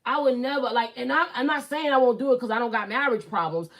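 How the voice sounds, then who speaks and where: A woman's voice: fairly high pitch, fast talker, fairly bright tone. Blunt Brooklyn woman ranting live. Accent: Brooklyn New York. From Brooklyn, New York. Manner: blunt, profane, emphatic, repeats herself for emphasis. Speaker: YouTube live host. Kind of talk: casual live-stream rant.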